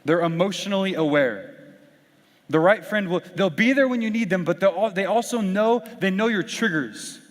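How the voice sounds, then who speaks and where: A young man giving a youth sermon, mixing Bible verses with casual, animated storytelling and acted-out quotes. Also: high-pitched, normal speed. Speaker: youth pastor. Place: large hall with audience. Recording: reverberant hall.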